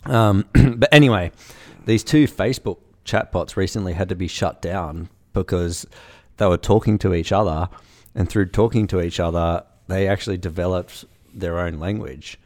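A man's voice: low voice, normal speed, few pauses, darkish tone. A man co-hosting a casual chat, explaining a news story in a thoughtful way. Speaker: podcast co-host.

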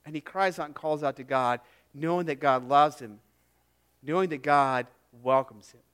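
Man, pastor, sermon, high voice, smooth and clear, earnest, hushed on key lines. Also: fairly even intonation, normal speed. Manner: earnest, emphatic, drops to a hush on key phrases, repeats words.

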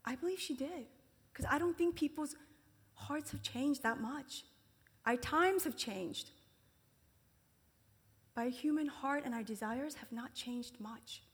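High-voiced woman preaching in a hall. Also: animated, moderate pace, fairly bright tone. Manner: conversational, acts out quoted voices with big pitch jumps; drops to a whisper for emphasis. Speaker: speaker at a ministry gathering. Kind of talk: sermon. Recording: long hall reverb.

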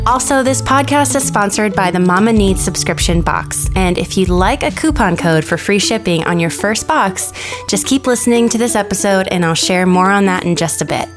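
Woman, podcast host, upbeat and friendly, middle pitch, music playing behind. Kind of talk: casual podcast conversation. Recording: music under intro.

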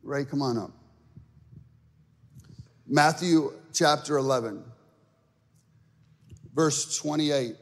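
A man preaching a sermon in church, swinging from quiet talk to shouting and stretching words out. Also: a little high, slow pace, long pauses, in a large hall. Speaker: pastor. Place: church sanctuary.

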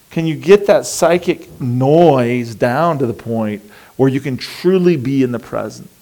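A man preaching a sermon in a casual, conversational way, often acting out the anxious thoughts of his listeners. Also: mid-range voice. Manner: conversational and animated, acting out inner voices. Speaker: pastor.

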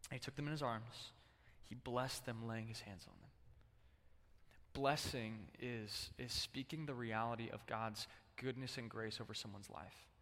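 A man delivering a sermon with a bright, forceful tone that carries through a church hall with long reverb. He talks in a loose, conversational way and keeps urging the congregation to answer him aloud. His pitch sits in an ordinary middle range. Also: unhurried. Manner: conversational, animated, prompts congregation to respond. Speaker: pastor. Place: church sanctuary.

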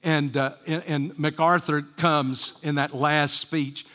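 A man preaching a sermon as pastor, rising to fervent emphasis and dropping to hushed near-whispers. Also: fairly high pitch, fairly even intonation, takes it slowly, big-room sound.

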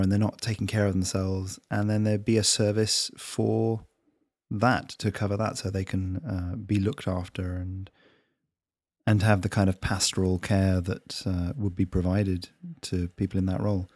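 A man, the author, gently reading his own short story at an unhurried pace. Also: sits low, level tone, no room sound, clean studio sound. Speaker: author and narrator.

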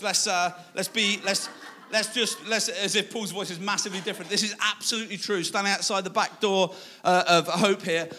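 A man's voice: sits high, pushed and bright, a little hiss or hum. A male preacher giving a sermon, telling a self-deprecating story and laughing at himself. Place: church.

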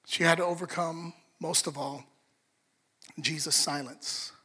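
High, bright-voiced man preaching in a hall. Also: unhurried, slightly rough. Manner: animated, acts out the story in voices. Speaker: pastor. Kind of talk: sermon. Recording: long reverb of a large hall.

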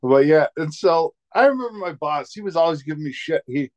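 Animated storyteller man from Montana. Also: a little high, brisk. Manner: animated storytelling, laughs often. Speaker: podcast guest, comedian. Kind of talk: casual storytelling.

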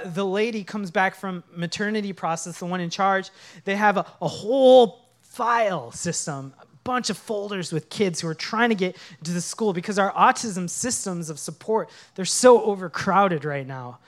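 Guy pastor preaching, earnest storytelling, gets fired up. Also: high voice. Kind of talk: sermon.

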